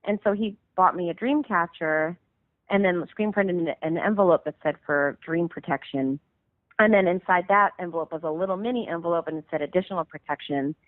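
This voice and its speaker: This musician guest, a woman in her thirties, speaks a little fast in a lowish voice as she rambles through a long story on the phone. Fillers, especially "like," crowd her speech. The tinny line is dry, without room sound.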